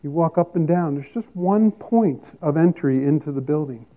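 Pastor guy preaching, slightly high voice, thin phone-like audio. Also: lively intonation, normal speed. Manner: teaching, emphatic, repeats key phrases. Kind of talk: sermon. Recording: tinny phone-like sound.

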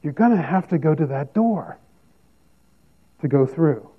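A man's voice: a little high, lively intonation, a little slow, husky. A man preaching a sermon as a pastor, teaching emphatically and repeating key phrases. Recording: tinny phone-like sound.

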